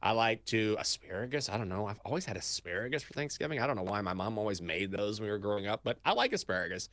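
A man co-hosting a sports talk show, chatting casually and telling animated stories. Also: fast talker, no echo. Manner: animated storyteller, shifts pitch and pace often. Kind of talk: casual sports radio chat.

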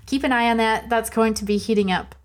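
A woman's voice: on the high side, steady tone, brisk. A woman co-hosting a casual podcast chat, blunt and dryly teasing. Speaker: podcast co-host.

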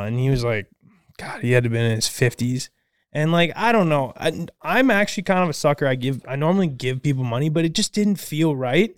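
A man's voice: mid-range voice, normal speed, clear, resonant tone, dry recording, studio quality. A young man, co-hosting a casual chat, telling stories with laughs and casual swearing. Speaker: podcast co-host.

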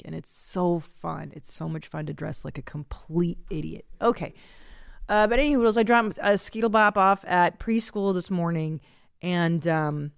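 A woman in her forties hosts a podcast, delivering a casual comedic monologue, self-mocking and laughing often. Her voice is lowish with vocal fry, and the studio sound is clean with no echo.

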